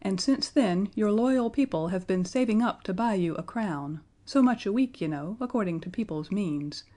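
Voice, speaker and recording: A solemn old prime minister, grave and slow, explaining matters to a boy king in a storybook, as a woman puts him on. His delivery stays measured and mellow. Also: mid-range voice, expressive, natural voice.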